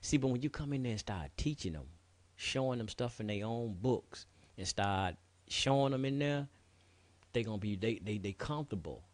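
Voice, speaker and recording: A man's voice: medium pitch, lively intonation, normal speed, dry recording. A middle-aged man hosting a radio show, lecturing in a casual, preachy way with street slang and cursing. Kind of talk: casual talk radio monologue.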